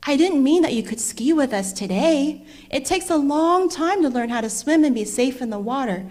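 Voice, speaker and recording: A woman's voice: high voice, animated, normal speed, a little mellow. A woman voicing a protective older brother in a children's story, urgent when calling out and earnest when he explains. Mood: firm.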